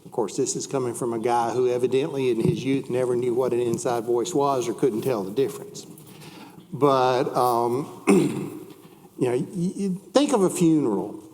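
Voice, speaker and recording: A man's voice: mid-range voice, moderate pace, a little mellow, in a large hall. A man teaching a church Bible class, chatting with the class, asking them questions and reading scripture aloud.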